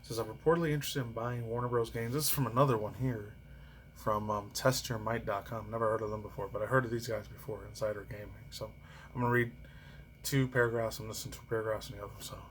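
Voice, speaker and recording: A man's voice: fairly low pitch, flat delivery, fast, a bit bright, a little hiss or hum. A man vlogging in casual, rambling commentary, swearing freely and often laughing. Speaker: reaction and news vlogger.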